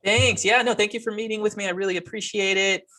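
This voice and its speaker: Man playing eager clothing-maker client, raised pitch, gushing, polite, filler-heavy, video call. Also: fairly even intonation, fast, pushed and bright. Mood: excited. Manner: upbeat, polite, rambling with fillers. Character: eager male clothing-maker hiring a designer.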